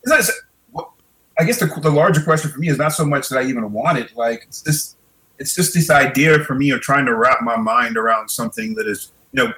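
A middle-aged man with a mid-range voice, thinking aloud in a podcast chat. He circles back and restarts his phrases as he works through an idea, in an unhurried, conversational way. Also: mid-range voice, sharp tone, rough recording. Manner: reflective, repeats words while thinking. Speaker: podcast guest.

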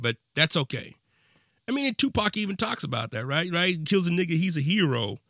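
Male podcast host, passionate rant, bright forceful tone, dry close mic. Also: fairly high pitch, sing-song, brisk, no room sound. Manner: impassioned, ranting, conversational with fillers. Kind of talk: monologue podcast intro.

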